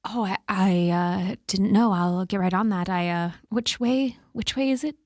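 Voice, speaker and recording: A woman's voice: mid-range voice, moderate pace, a little mellow, no room sound, clean studio sound, close to an everyday voice. A woman voicing a nervous adventurer who stammers apologies. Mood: flustered. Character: nervous young adventurer caught snooping.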